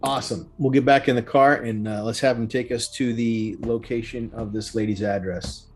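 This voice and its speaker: Husky man, game player, easygoing, thinks aloud. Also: mid-range voice, fairly even intonation, normal speed. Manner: easygoing, plans out loud. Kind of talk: casual tabletop play.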